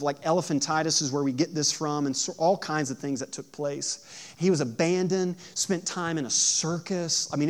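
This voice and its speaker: A pastor delivers a sermon in a somewhat high voice. He puts questions to the congregation. His delivery swings between hushed, storytelling passages and loud, emphatic preaching. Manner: asks the audience questions.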